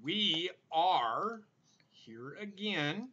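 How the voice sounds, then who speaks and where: A man's voice: high-pitched, expressive, drawn-out words, sharp tone. A man hosting a casual livestream chat, bantering and swearing freely with his guests over a video call. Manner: profane, joking banter. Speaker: livestream host. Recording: muffled video call audio with faint hiss.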